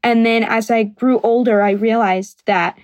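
A woman's voice: a little high, steady tone, measured pace, darkish tone, no echo. A young woman from North Georgia with a Southern accent, a singer guest chatting casually and laughing easily. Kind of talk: casual interview chat.

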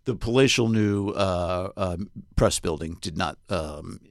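Gravelly low-voiced man musing haltingly. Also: no room sound, studio quality. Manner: halting, thoughtful, many fillers and restarts. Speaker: golf reporter, co-host. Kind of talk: casual podcast chat.

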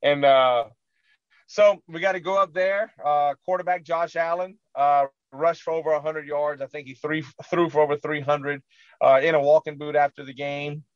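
A man's voice: on the high side, steady tone, moderate pace, clean tone, no room sound, muffled recording. A man co-hosting a sports radio show, earnestly recapping a football loss with frustration and lots of fillers.

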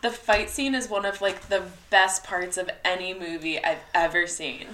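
Bright-voiced woman gushing about a film. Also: fairly low pitch, normal speed. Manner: enthusiastic, laughs, swears. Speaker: podcast co-host. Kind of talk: casual movie chat. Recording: roomy echo.

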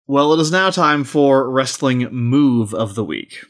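A man's voice: mid-range voice, expressive, unhurried. A man co-hosting a podcast in casual chat, joking and introducing segments. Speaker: podcast co-host.

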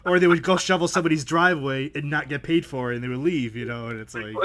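A man's voice: on the high side, quick pace, very noisy. A man hosting a casual podcast conversation, easygoing and agreeable, with lots of "like" and "yeah". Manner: easygoing, agreeable, many fillers. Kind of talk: casual chat.

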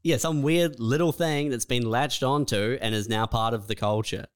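A man's voice: medium pitch, normal speed, clear, resonant tone. A man co-hosting a comedy podcast, laid-back and profane, laughing along in crude banter. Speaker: podcast co-host.

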